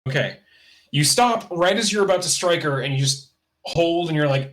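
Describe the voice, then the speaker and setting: A man's voice: on the high side, lively intonation, normal speed, a bit bright. A man narrating a tabletop game as game master, in a casual, loose style with fillers like "kinda" and "uh".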